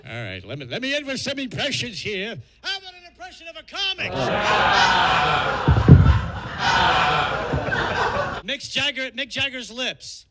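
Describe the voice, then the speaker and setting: High-voiced stand-up comic man. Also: huge pitch swings, slow pace, long pauses, a loud crowd, heavy background noise. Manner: jokey, breaks into sung bits and impressions. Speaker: stand-up comedian. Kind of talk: stand-up comedy set. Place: comedy show venue. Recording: live club mic with audience laughter. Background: audience laughter.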